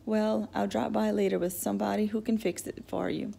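A woman voicing a kindly, soft-spoken male sheriff who questions a boy gently and awkwardly. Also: medium pitch, flat delivery, fairly quick, creaky, slightly rough.

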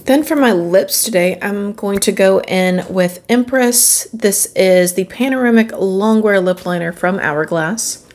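A woman's voice: mid-range voice, a little slow, darkish tone. A woman beauty vlogger talking viewers through a makeup tutorial in a chatty, upbeat way, often calling them friends.

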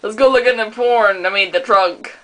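A woman voicing a gruff middle-aged father coming home, in a hearty, bluff, joking way during improvised comic dubbing. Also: medium pitch, moderate pace, a bit bright, a little hiss or hum, voice pushed down, lightly acted, low-quality recording.

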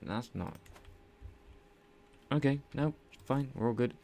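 A young man casually commentating his strategy game as he plays, chatty and self-mocking, thinking out loud, at a desk mic at home. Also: mid-range voice, expressive, takes it slowly, a little hiss or hum. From not Irish. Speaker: gaming channel host. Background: faint game music and keyboard typing.

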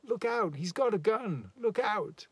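A man voicing a panicked young woman who shouts urgent, shrill commands. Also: lively intonation, slow, slightly rough, no room sound. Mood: frantic.

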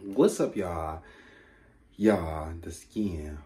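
A man's voice: sits low, very slow. Chatty young man vlogging. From Michigan. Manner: chatty, excitable, keeps addressing viewers as y'all, swears freely. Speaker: vlogger and stylist. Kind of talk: casual vlog talking to camera. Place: in a car.

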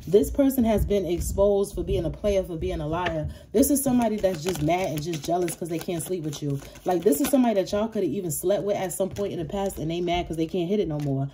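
A young woman, giving a casual tarot reading in a blunt, profane, animated way. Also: fairly low pitch, slight background noise. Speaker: tarot reader.

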